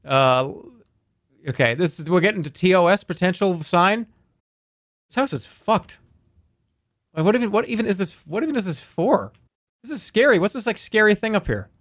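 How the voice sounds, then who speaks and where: A man's voice: high-pitched, expressive, normal speed, long pauses, a bit bright, dry recording, studio quality. A man streaming a game live, rambling playfully and reading viewer messages aloud.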